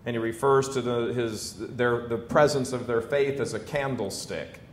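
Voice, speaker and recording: An American man in his fifties gives an emphatic preaching talk to a live audience. He swings between loud declarations and quiet storytelling. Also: steady tone, moderate pace. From United States. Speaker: Catholic speaker addressing an audience. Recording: echoey room, faint low rumble.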